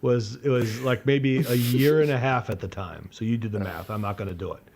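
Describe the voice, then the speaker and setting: A man's voice: mid-range voice, a little fast, creaky. A man in his forties co-hosting a podcast, telling a story casually, swearing freely and cutting himself off mid-sentence. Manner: profane, animated storyteller with self-interruptions. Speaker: podcast co-host. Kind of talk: casual storytelling among friends.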